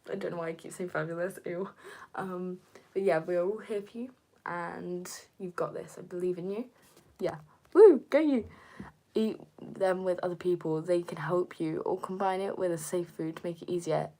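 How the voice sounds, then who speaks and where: Chatty young woman on a live stream. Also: moderate pace. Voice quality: voice jumps high when excited. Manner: chatty, rambling, many fillers, frequent soft whispers and squeals. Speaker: content creator. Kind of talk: live stream chat reading comments.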